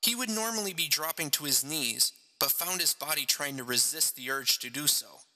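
Bright-voiced man reading his story. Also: fairly high pitch, expressive, moderate pace, rough recording. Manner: jokey, chatty asides. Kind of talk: story narration and casual chat.

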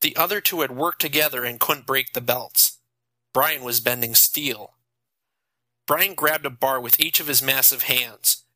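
A man narrating a horror audiobook in steady, dramatic storytelling. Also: medium pitch, measured pace, no room sound, poor audio. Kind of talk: scripted narration.

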